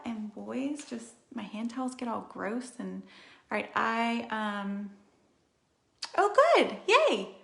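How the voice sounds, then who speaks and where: A woman in her thirties rambles cheerfully through a live makeup tutorial, reading out viewer comments as she goes. Her voice sits a little high for a woman. The room around her sounds roomy and echoey, picked up by a camera in front of her. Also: vocal fry. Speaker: beauty livestream host. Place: room in her home, indoors. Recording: roomy echo of a home room.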